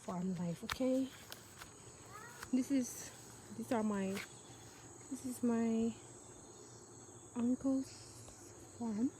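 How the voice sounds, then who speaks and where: Young woman vlogging on a farm, kinda high voice, slow and chatty, bugs buzzing faintly behind. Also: steady tone, dark tone, slight background noise. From Nagaland, northeast India. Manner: chatty, exclamatory, thinks aloud. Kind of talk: casual walking vlog. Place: outdoors on a rural farm.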